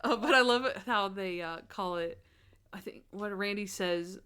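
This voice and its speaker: A woman talking casually as a podcast co-host. She rambles from point to point, breaking off into quick asides and giggles. Her voice sits at an ordinary middle pitch. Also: bright, forceful tone, clean tone. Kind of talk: casual chat.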